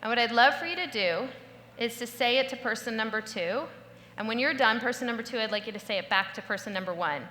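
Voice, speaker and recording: A woman giving a lively talk to a live audience, playful and instructive, acting out the voices she quotes. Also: on the high side, fast talker, a little hiss or hum. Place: large hall before a live audience. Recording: echoey hall with long reverb, faint ambience.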